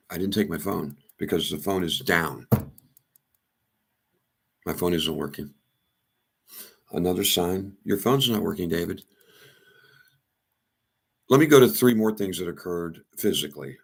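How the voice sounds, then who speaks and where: A man telling a rambling personal story, halting and repeating himself as he goes. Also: sits low, expressive, vocal fry, slightly rough. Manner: halting, repeats and restarts words.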